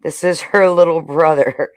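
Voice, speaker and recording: A woman's voice: deep voice, no echo, studio quality. A woman in casual chat on a stream, chatty and stopping to coo at her pets. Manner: chatty, coos and talks to her pets while speaking. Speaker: co-host.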